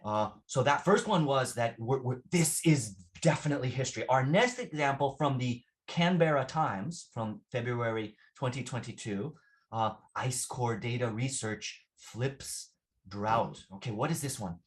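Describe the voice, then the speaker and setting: A man's voice: medium pitch, measured pace. A man teaching English vocabulary in a classroom lesson, patient and repetitive, often checking with "right?". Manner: patient, repeats phrases, asks "right?" often.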